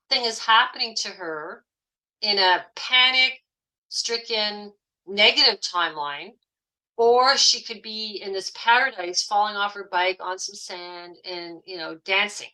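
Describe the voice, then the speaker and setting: A woman leads an online class, explaining step by step and pausing often to ask "okay?" and "right?". Her voice sits at a middling pitch with a bright, sharp tone. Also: poor audio. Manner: explanatory, with frequent "okay?" and "right?" check-ins. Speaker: astrology and esoteric teacher.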